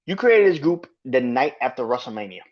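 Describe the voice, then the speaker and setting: A man's voice: medium pitch, sing-song, fairly quick. A man hosting a podcast, ranting about wrestling in a profane, exasperated way and laughing in disbelief. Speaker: podcast host. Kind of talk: heated rant about wrestling. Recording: dull lo-fi recording.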